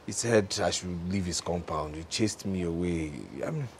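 A man's voice: low-pitched, normal speed, darkish tone, slight background noise, close to an everyday voice. An actor with a Nigerian accent playing a young man hesitantly recounting how he was chased away. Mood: rueful. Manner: rueful, hesitant storytelling. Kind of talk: Nollywood film acting.

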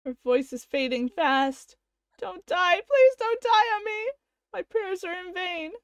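A woman's voice: very high voice, lively intonation, slow, no room sound, voice pushed up, exaggerated voice. A woman voicing a guilt-stricken young male scientist, narrating with anguish as she reads a visual novel aloud. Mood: horrified. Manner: anguished first-person narration.

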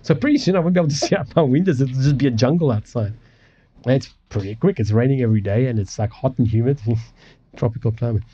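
A man's voice: medium pitch, quick pace, dark tone, slightly rough, lo-fi sound. A man hosting a casual livestream from his apartment, rambling and swearing with many restarts. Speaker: livestream host. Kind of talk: casual ranting chat. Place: home apartment.

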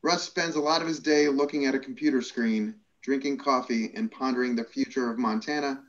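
A man emceeing an event, reading a speaker's introduction in a plain, measured way. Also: medium pitch. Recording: dull lo-fi sound.

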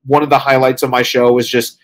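A man's voice: mid-range voice, flat delivery, a little fast, slight background noise. Tired guy rambling on a casual podcast, lots of likes and uhs, medium voice. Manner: rambling, full of fillers and "like". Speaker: co-host reporting from a convention.

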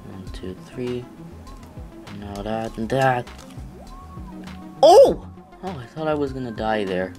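This is a man talking through a video game as he plays it, taking his time between moves. His voice swings widely, leaping up into yelps and sinking into groans each time something catches him off guard. Faint game music runs quietly behind him. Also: lowish voice, animated, measured pace. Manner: reactive, yelps and groans at failures. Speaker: gamer. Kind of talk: let's play commentary.

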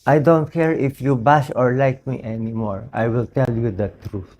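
A hoarse man with a Filipino accent, a doctor giving an earnest, pleading personal monologue. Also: mid-range voice, steady tone, moderate pace, a little mellow. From Philippines. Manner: earnest, pleading, switches between English and Tagalog.

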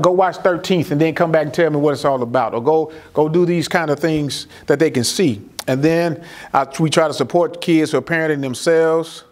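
A middle-aged man with addresses a community audience as a juvenile court judge. His voice sits a little high, and he acts out conversations in the courtroom, jumping up in pitch for his own exclamations and dropping low and soft for the children's replies. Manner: animated storyteller who acts out his own dialogue.

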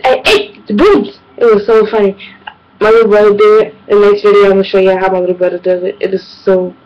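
A woman's voice: medium pitch, quick pace, highs cut off, a little hiss or hum. A young woman, telling exasperated comedic stories in a casual, slangy vlog monologue. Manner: animated, exasperated, slangy storytelling. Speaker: vlogger.

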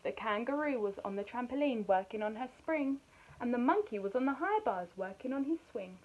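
A woman, a nursery teacher, reading a picture book aloud to young children in a bright storytelling manner. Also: on the high side, animated, brisk, narrow, tinny audio.

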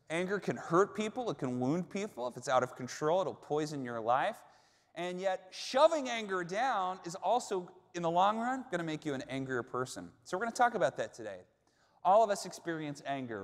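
A male pastor with a high voice preaches a sermon built around a personal story, animatedly acting out shouts and quotes. He's in a church auditorium, and the large hall adds a long reverb.

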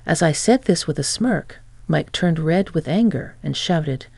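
A woman's voice: deep voice, animated, normal speed, few pauses, mellow, dry recording. Sarcastic woman narrating a revenge story. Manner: sarcastic, mocking. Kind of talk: scripted first-person story narration.

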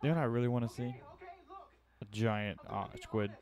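A man's voice: medium pitch, normal speed, crowd noise. A man co-hosting a horror movie commentary in casual chat, laid-back and rambling, with offhand trivia and wisecracks.

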